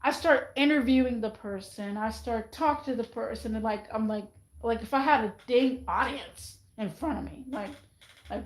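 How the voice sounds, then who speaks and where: A woman vlogging in a casual, rambling monologue, chatty and animated, often mimicking other people's voices. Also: fairly high pitch, normal speed, roomy sound, rough recording.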